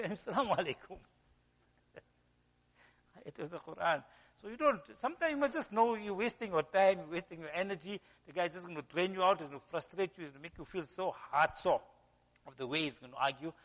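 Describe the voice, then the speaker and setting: A male preacher giving a conversational sermon, telling stories and often saying "you know". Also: a little high. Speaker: Islamic preacher. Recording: dull sound with long hall reverb.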